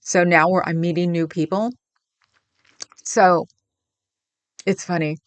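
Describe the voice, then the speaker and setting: A lowish, smooth, steady voice moving at a slow pace comes through in a dry recording. The speaker, a Bay Area woman hosting a casual livestream, rambles chattily as she answers viewers, laughing often.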